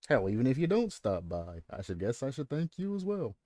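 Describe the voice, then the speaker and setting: A man's voice: medium pitch, very animated, quick pace, few pauses, warm tone, no echo, studio quality. A man hosting a stream, ranting at length with plenty of swearing and repeating himself as he makes his point. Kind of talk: casual ranting stream commentary.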